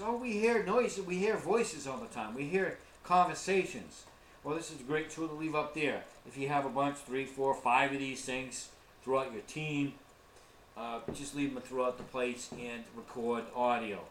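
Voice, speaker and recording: A man's voice: medium pitch, a bit bright, a little hiss or hum. A man giving a casual, earnest how-to talk on ghost hunting equipment, often calling his viewers folks. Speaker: ghost hunting tour guide. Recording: roomy live stream recording.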